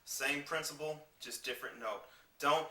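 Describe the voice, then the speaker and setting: A man giving a singing lesson, explaining clearly and demonstrating vocal scales on simple syllables. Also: a little high, moderate pace, far from the mic, background noise. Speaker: singing teacher. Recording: roomy sound with piano behind. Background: piano accompaniment.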